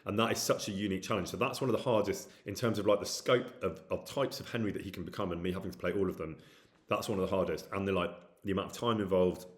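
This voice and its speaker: A man with a low voice talks casually on a live stream. He reads out questions from chat and answers at length, wandering through his replies with plenty of hesitant fillers. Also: fast talker.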